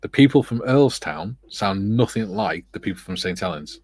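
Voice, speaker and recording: A man's voice: on the low side, lively intonation, moderate pace, darkish tone, slightly rough. An English man hosting a casual livestream chat, reading out viewer comments in a loose, amused, rambling way. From England. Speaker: livestream host. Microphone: streaming setup, video call.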